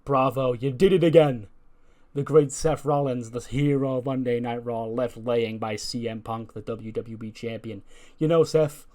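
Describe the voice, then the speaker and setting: A man's voice: medium pitch, fairly even intonation, moderate pace, long pauses, warm tone, lightly acted. A man doing a sneering wrestler heel. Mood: mocking.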